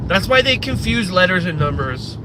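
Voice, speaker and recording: A man's voice: sits high, sing-song, moderate pace, background noise. A man from the Midwest US, a live streamer, ranting casually and profanely and wandering off on tangents. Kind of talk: casual livestream rant.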